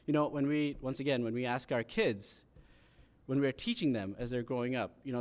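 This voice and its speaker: A man's voice: mid-range voice, steady tone, fairly quick. A man preaching a sermon in an earnest, conversational teaching manner, pressing harder when he stresses a point. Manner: earnest, conversational teaching with rising emphasis on pleas.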